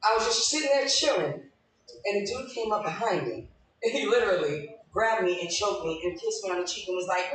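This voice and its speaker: A woman's voice: medium pitch, lively intonation, quick pace. Brash profane woman comic, echoey room. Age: 40s. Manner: brash, profane, laughing at her own jokes. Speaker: stand-up comedian. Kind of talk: live stand-up with crowd work. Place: small live comedy room. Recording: echoey room from far off, faint noise.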